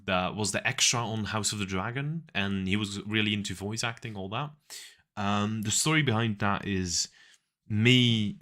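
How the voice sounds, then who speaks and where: A man's voice: on the low side, pushed and bright. A man streaming and chatting casually with viewers, rambling through stories and laughing often.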